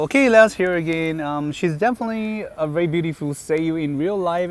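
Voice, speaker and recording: A male gaming host talks casually about a game character. His voice sits a little high for a man, and he speaks slowly. He often stops to correct himself and fills gaps with "um" and "like". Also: darkish tone. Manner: halting, with many fillers and self-corrections. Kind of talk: casual commentary on game voice lines.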